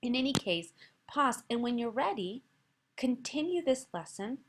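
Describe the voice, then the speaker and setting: A woman's voice: fairly high pitch, very animated, unhurried, a little hiss or hum. A woman teaching Spanish in a recorded slide lesson, patient and encouraging, carefully pronouncing Spanish words and quizzing the listener. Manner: patient, encouraging, asks quiz questions to the listener.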